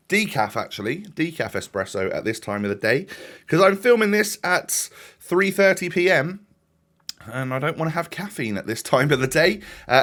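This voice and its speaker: A man's voice: mid-range voice, fairly bright tone. A young man giving casual, rambling commentary as he plays, often breaking off and restarting his sentences. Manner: rambling, chatty, self-interrupting. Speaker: gaming YouTuber.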